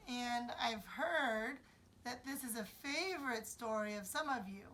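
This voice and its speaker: A young woman teaching a children's Bible lesson, telling the story slowly and expressively and acting out voices and sound effects. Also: high voice, a bit bright. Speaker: children's Sabbath school teacher. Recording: distant mic with faint room noise.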